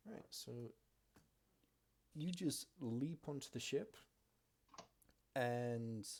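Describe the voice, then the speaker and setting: A man narrating as game master, giving relaxed, matter-of-fact rulings with soft fillers. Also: on the low side. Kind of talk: narrating a tabletop game over a call.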